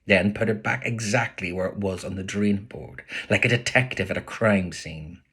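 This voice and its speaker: A man with a Belfast accent, reading his own novel aloud with lively voices for the characters. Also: lowish voice, normal speed, breathy edge. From Northern Ireland.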